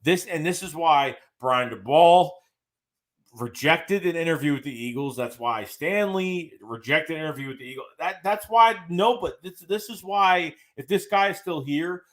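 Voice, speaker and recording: A man's voice: on the high side, normal speed. A man hosting a late-night sports livestream, ranting about his team and reading viewer chats aloud in a casual way. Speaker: livestream host.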